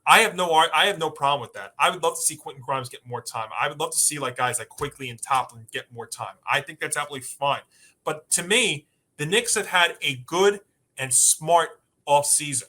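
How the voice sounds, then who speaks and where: A man's voice: a little high, bright, forceful tone. A man co-hosting a sports talk podcast, arguing emphatically and rattling off long lists of teams.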